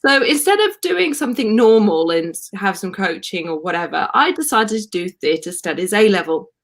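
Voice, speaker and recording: A woman, a wellness coach and podcast guest, chatting animatedly and telling stories over a video call. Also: mid-range voice. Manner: chatty, animated storytelling, quick to laugh.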